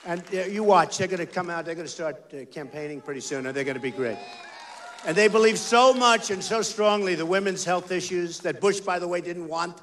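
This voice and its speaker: A man in his sixties from the United States, a political candidate, delivers a rambling, emphatic speech into a stage mic at a large rally venue. His voice sits high, with a brisk pace and a fairly bright tone. He repeats phrases and speaks directly to the crowd.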